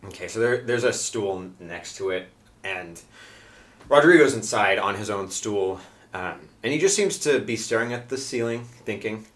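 A man's voice: on the low side, expressive, normal speed, a bit bright. A man narrating as game master of a casual tabletop role-playing game, chatty with frequent fillers.

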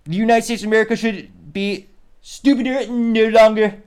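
A man putting on a loud, exaggerated impression of a blustering male politician, shouting in a mangled accent. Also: high-pitched, steady tone, normal speed, clean tone, voice pushed up, lightly acted.

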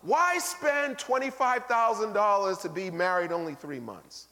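Lively bishop preaching, fairly high voice, booming then hushed, long church reverb. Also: male voice, unhurried. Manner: animated, acts out quoted people, swings from loud to quiet. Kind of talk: sermon. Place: large church sanctuary. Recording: long reverb of a large hall.

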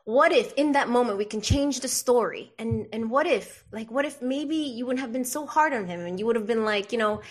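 A woman, a podcast guest telling a personal story in an animated way and acting out the dialogue. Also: fairly high pitch, moderate pace, hardly any pauses, breathy edge. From the Bronx, New York. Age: 40s. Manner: animated, acts out quoted dialogue, frequent "like".

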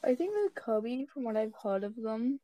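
A woman with a British accent chatting casually on an online voice call, offering playful opinions with hesitant pauses. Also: a little high, animated, warm tone, dry recording. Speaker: friend recording the chat. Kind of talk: casual chat.

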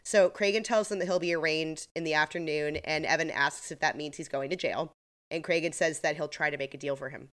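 A woman's voice: low-pitched, fairly even intonation, fairly quick, a bit bright. A woman co-hosting a podcast, casually recapping a TV episode with lots of fillers and the odd laugh. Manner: chatty, filler-heavy retelling with laughs. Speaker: podcast co-host.

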